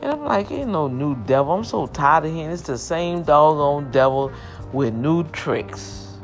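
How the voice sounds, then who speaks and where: A woman's voice: deep voice, animated, a little slow, faint music behind. A woman sharing an emotional personal testimony, with impassioned, emphatic, repetitive storytelling.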